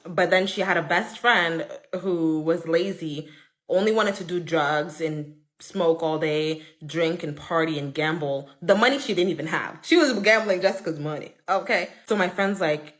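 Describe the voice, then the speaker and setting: A woman's voice: normal speed, a bit bright. Chatty woman telling a story. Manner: chatty, emphatic, full of "like" and "okay?"; acts out quoted friends with raised pitch. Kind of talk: casual storytelling.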